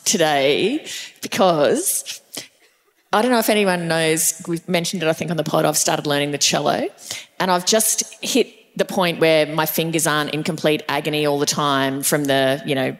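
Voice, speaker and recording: A woman's voice: deep voice, moderate pace, in a large hall. A woman co-hosting a podcast before a live crowd, asking playful, teasing questions. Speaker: podcast co-host. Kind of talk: casual chat before a live audience.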